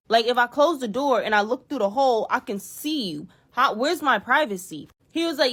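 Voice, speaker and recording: A woman's voice: a little high, animated, a little fast, few pauses, a bit bright. A woman casually telling a dating story to her viewers, blunt and slangy, with exasperated asides.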